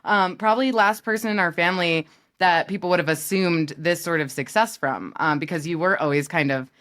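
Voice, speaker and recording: A woman's voice: on the low side, brisk, fairly bright tone. A woman in her thirties from New York, chatting as a guest, teasing and laughing often. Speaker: guest, business partner. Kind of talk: casual chat.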